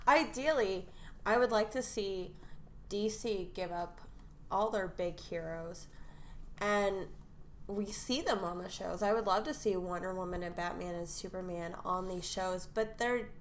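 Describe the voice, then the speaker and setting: A woman's voice: mid-range voice, a little slow, a little hiss or hum. A woman on a casual podcast panel who gives firm opinions and jokes playfully.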